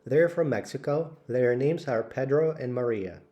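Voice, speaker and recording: A man slowly reading out English vocabulary lists for learners, word by word with clear pauses. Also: medium pitch, lo-fi sound. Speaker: English teacher. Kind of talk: slow vocabulary drill.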